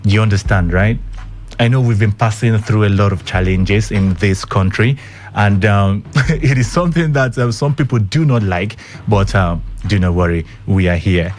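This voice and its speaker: At a moderate pace and in a darkish, lowish voice, this man hosts a casual radio chat and news rundown from a studio. He's chatty, asks listeners questions straight out, and says um a lot. A faint hiss or hum sits under the recording.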